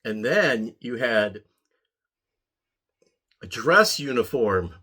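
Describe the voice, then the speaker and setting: A man's voice: medium pitch, very animated, very slow, sharp tone, breathy edge. A man from Ohio, an army veteran, telling a story in a casual, wry way and chuckling at himself. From Ohio, USA. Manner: wry, dry, chuckling at his own story. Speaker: pipe-smoking vlogger, army veteran.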